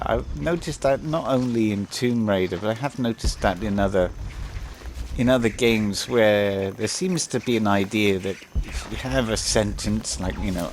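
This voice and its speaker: A man's voice: on the low side, a little hiss or hum. Rambling man commentating gameplay. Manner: rambling, hesitant, many fillers and restarts.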